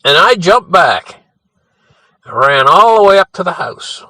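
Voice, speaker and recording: A man's voice: high voice, very animated, measured pace, bright, forceful tone, no echo, low-quality recording. An older man telling a childhood story in a casual, rambling way, often adding "you know" and restarting his sentences.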